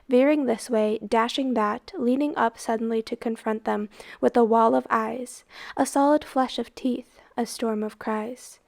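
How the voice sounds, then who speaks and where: A woman reads a storybook aloud with dramatic expression, her voice set a little high. A gravelly, creaky texture runs through her narration. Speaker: reader.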